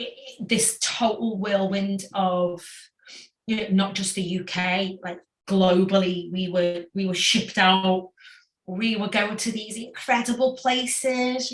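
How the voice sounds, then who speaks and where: A woman's voice: a little high, far from the mic. A woman guest on a podcast, telling stories animatedly and laughing often. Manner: animated, laughs often, acts out voices in anecdotes. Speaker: podcast guest, former girl-band singer. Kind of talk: casual storytelling interview. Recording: echoey room, voice off-mic.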